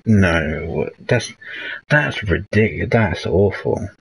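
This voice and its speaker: A man's voice: sits low, slow, gravelly, pauses often, slightly rough, poor audio. A young man hosting a casual late-night livestream, rambling and hesitant as he reads out chat messages. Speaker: livestream host.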